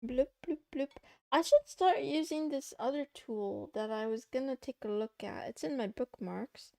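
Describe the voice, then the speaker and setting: A woman's voice: high-pitched, expressive, moderate pace, gravelly, mellow, dry recording, clean studio sound. A young woman streaming from her desk, chatting playfully with her chat while she works through coding tasks. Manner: playful, talks to chat while working, giggly. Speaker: VTuber streamer. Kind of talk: casual coding livestream chat.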